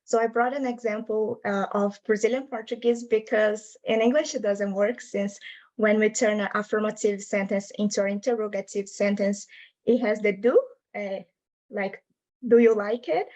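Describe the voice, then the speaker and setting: A woman's voice: medium pitch, flat delivery, moderate pace, darkish tone, poor audio. A young adult woman presenting her linguistics research in an academic talk over a video call, explaining patiently in non-native English phrasing.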